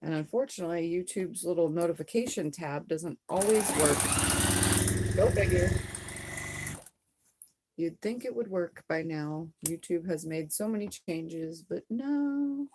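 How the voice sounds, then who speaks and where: A hoarse woman chatting casually on a livestream from her sewing room, rambling and greeting viewers as she reads out their comments. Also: on the low side, unhurried, heavy background noise. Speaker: live streamer.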